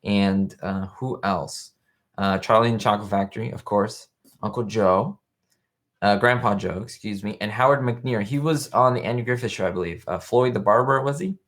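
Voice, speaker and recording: A man's voice: fairly low pitch, brisk, fairly bright tone. A young man hosting a casual live-stream commentary, chatting in a rambling way and reading viewer comments aloud. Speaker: show host. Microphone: webcam live stream.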